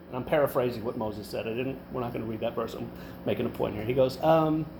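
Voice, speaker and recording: A man preaching a casual sermon, telling the story in his own words and acting out the voices, climbing to animated peaks. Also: medium pitch, a little fast, echoey room, slight background noise, poor audio. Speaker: pastor.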